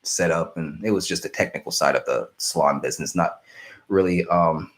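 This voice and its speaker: A man's voice: low voice, moderate pace, fairly bright tone. A young man hosting a casual live stream, rambling and apologetic as he answers viewer questions. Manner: rambling, self-interrupting, apologetic.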